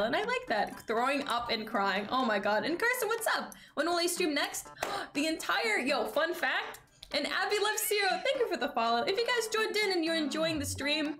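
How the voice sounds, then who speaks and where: Speaking in a very high-pitched, fairly bright voice, a young woman plays a video game on stream and keeps up casual, playful, dramatic chatter with viewers, thanking followers. Game music plays faintly.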